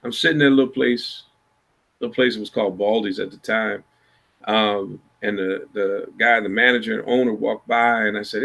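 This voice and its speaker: Bright-voiced man telling a long story. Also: mid-range voice, fairly even intonation, moderate pace, gravelly. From Iowa, USA. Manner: laid-back, rambling storyteller. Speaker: blues musician guest. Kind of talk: casual storytelling chat.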